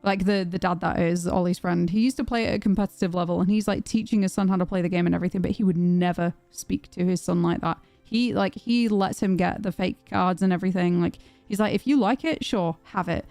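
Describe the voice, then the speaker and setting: This young woman's voice sits on the low side, and she talks quickly with few pauses while chatting with viewers on a home stream. She's lively and foul-mouthed and reads chat messages aloud. The recording has no echo, with soft music behind.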